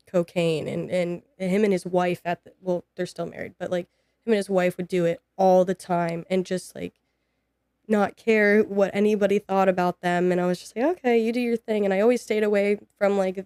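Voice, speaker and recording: A woman's voice: on the low side, normal speed, clean tone, no echo, studio quality. A woman in her twenties, a podcast guest, telling a personal story and acting out what people said. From United States. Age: 20s. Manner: animated, acts out quoted dialogue.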